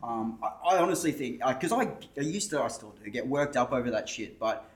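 A man's voice: medium pitch, expressive, fairly quick, slight background noise. An Australian man co-hosting a podcast, talking through his views in a thoughtful, rambling casual chat. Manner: thoughtful, rambling, with restarts and swearing. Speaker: podcast co-host.

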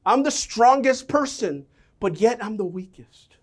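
A middle-aged man preaching a sermon as a pastor, a self-mocking storyteller who swings between loud outbursts and soft, low lines. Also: lively intonation, a little slow.

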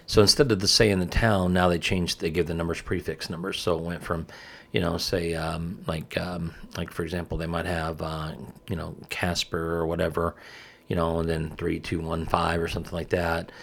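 A man's voice: low voice, flat delivery, moderate pace, creaky, hardly any pauses. A man in his fifties chatting casually, rambling folksy stories with many fillers. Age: 50s. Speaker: co-host, father of the host. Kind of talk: casual chat.

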